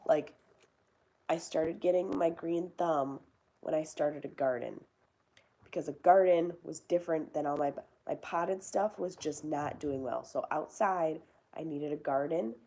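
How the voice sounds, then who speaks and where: A woman's voice: sits low, a little slow, warm tone. A young woman hosting a casual chat, rambling and swearing now and then. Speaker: host.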